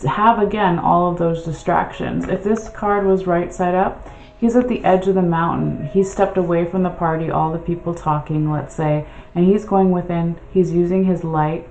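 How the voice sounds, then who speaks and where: Brief: lower-pitched woman, chatty tarot reader, roomy dull home recording. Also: darkish tone. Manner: chatty, rambling, self-correcting with many "okay?" checks. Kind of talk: casual tarot reading livestream.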